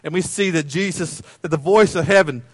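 Male pastor, high-pitched, casual sermon delivery with a dry close sound and playful repetition. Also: a little fast, no room sound. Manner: conversational, playful, repeats phrases.

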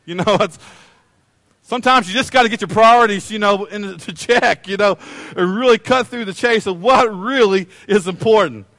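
Male pastor, high-pitched, casual sermon delivery with a dry close sound and playful repetition. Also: normal speed, fairly bright tone, no echo. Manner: conversational, playful, repeats phrases.

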